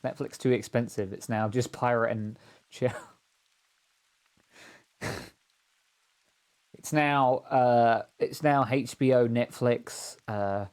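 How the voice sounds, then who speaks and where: A man at an ordinary, middle pitch chatting through a hunting game with a friend. He rambles from joke to joke and laughs often. The talk is loose, casual stream banter. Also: a little mellow. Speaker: co-player on a stream.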